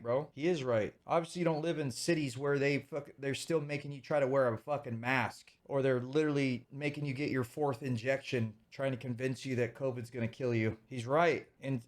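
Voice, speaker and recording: A man in his thirties ranting heatedly and profanely on a livestream, stopping to thank viewers. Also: medium pitch. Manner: thanks viewers for donations mid-rant. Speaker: streamer reacting to videos. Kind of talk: casual livestream rant.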